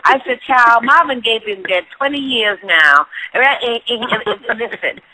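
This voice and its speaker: A woman tells stories with lots of energy, acting out every quote. Her voice swings widely in pitch and sounds bright and a little husky. The recording is dry, with no room sound. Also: normal speed, no room sound, poor audio. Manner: animated storyteller, acts out quoted dialogue. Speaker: guest. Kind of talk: casual chat.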